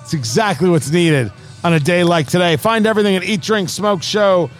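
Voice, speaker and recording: A man with a high, lively voice hosts a casual talk podcast. He jokes, jumps in quickly and talks over his co-host. Soft music plays faintly behind him. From New Jersey, USA. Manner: quick, animated, jokey, talks over others. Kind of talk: casual chat.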